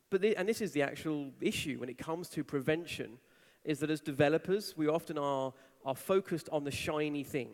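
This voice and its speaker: A man giving a conference talk, telling a story with animation and acting out the people he quotes. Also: a little high. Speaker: conference speaker. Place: large conference hall. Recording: reverberant hall.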